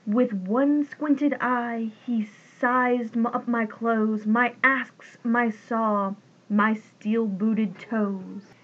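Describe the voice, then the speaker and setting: A woman's voice: a little high, steady tone, very slow, highs cut off. A woman reading a rhyming children's story aloud in a sing-song way. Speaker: reader.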